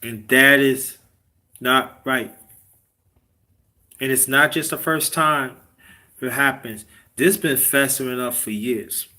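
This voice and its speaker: A man's voice: mid-range voice, slow, pauses often, bright, forceful tone. A man hosting a casual livestream, preaching relationship advice to his chat and dropping to a whisper for emphasis. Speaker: livestream host.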